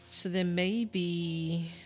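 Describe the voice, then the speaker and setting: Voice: medium pitch, fairly even intonation, drawn-out words, soft background music. A streamer thinking aloud during a casual live-stream game commentary, muttering and musing with lots of fillers.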